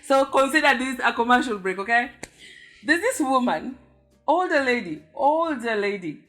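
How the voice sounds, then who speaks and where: A young woman from Africa telling a story casually, animated and acting out sounds with her mouth. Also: sits high, normal speed, faint music behind. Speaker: vlogger.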